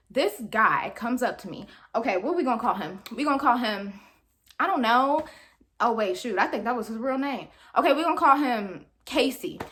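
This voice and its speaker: A young woman, telling a chatty storytime to her viewers. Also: a little high. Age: young adult. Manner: animated, chatty, addresses viewers as y'all. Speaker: vlogger. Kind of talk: storytime vlog.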